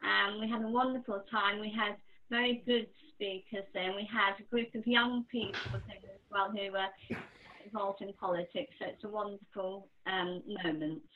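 A woman's voice: mid-range voice, steady tone, moderate pace. A woman poet talking as an interview guest, chatty, with many ums. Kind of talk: casual interview talk. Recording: tinny phone-like line.

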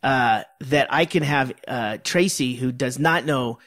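A man's voice: mid-range voice, unhurried, fairly bright tone. A man chatting on a podcast, self-deprecating and loose, often restarting his sentences. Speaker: podcast co-host. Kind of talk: casual chat.

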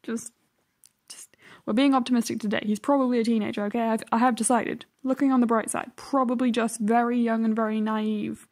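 A woman's voice: on the high side, fairly even intonation, a little fast, a little mellow. A woman hosting reaction commentary, sarcastic and exasperated, often dropping to a whisper. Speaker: host.

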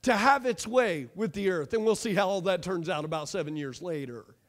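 A man pastor preaching a lively sermon with rhetorical questions, asides and jokes to his congregation. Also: sits high, brisk.

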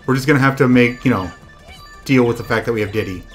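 Young man, game streamer, casual chat, loud profane outbursts, mid pitch, faint background music. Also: quick pace. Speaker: VTuber streamer.

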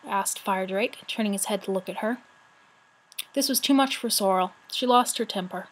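A woman narrating a novel aloud for her channel, in steady storytelling. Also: medium pitch, moderate pace. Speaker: channel host reading aloud.

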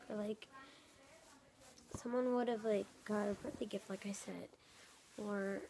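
A woman vlogging in an earnest, emotional way, with a slight gravelly edge. Her tone is mellow and warm rather than bright. She slips between plain talk and a soft half-whisper, circling back to the same phrases. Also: medium pitch, steady tone, measured pace, pauses often. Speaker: YouTuber. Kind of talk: emotional casual vlog. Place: home in San Francisco.

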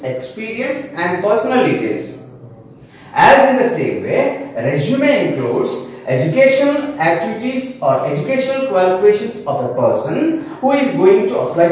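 High-voiced man teaching, echoey room. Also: a little mellow, far from the mic. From India. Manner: slow, explanatory, repeats terms with "means". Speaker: English teacher. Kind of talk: online class lecture. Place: classroom.

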